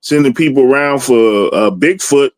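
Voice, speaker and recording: A man's voice: mid-range voice, normal speed, darkish tone, dry recording. A man chatting casually in a religious discussion podcast, loose and conversational, often asking "you know what I mean".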